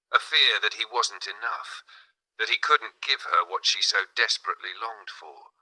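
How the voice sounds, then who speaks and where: A man reading an allegorical novel aloud in measured, dramatic narration. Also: lowish voice, pushed and bright, rough recording. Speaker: audiobook narrator. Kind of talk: scripted narration.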